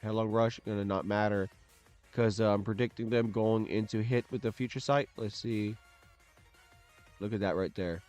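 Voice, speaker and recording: In this live game commentary, a young man talks quietly through every move of his own competitive match, breaking out in loud frustrated yells at times. His voice is fairly low with fairly even intonation and a moderate pace. Faint music plays in the background.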